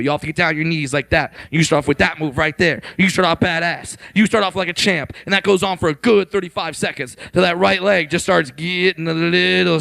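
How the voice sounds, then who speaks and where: Brash, gravelly stand-up comedian, man. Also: sits high, a bit bright, no room sound. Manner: brash and crude, teasing the audience. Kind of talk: stand-up set with crowd work. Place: on stage at a comedy club.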